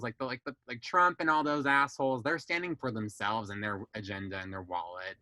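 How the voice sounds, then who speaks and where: A young man chats on a podcast in a bright, forward tone, recorded dry and close. He tells family stories candidly, swears freely and acts out his relatives' lines in a raised voice. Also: on the low side, fairly even intonation, a little fast, hardly any pauses, no echo, rough recording. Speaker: guest. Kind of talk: casual podcast chat.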